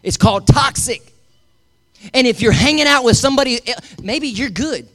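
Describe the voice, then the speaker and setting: High-voiced emphatic male pastor preaching. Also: normal speed, fairly bright tone. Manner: emphatic, calls for congregation responses. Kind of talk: sermon.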